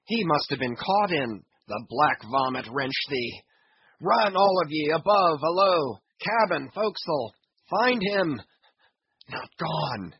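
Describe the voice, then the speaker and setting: A man's voice: on the high side, lively intonation, a little slow, slightly rough, muffled recording. Stubb, a man playing a frantic ship's mate. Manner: urgent shouting. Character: frantic male ship's mate shouting orders.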